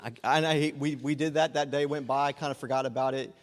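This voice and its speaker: A man's voice: mid-range voice, fairly even intonation, fast talker. A young man telling an earnest personal testimony as a guest speaker in a church, restarting his phrases often. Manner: earnest, storytelling, frequent restarts. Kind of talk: sermon testimony. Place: church sanctuary. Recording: long church reverb.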